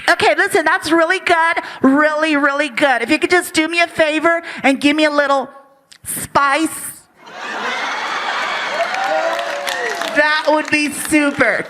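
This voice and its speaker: A man's voice: very high voice, steady tone, noisy background, voice pushed up. A man voicing an upbeat, businesslike female cartoon director who coaxes politely during a stand-up routine. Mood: coaxing. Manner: brisk, coaxing, polite. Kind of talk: stand-up impression.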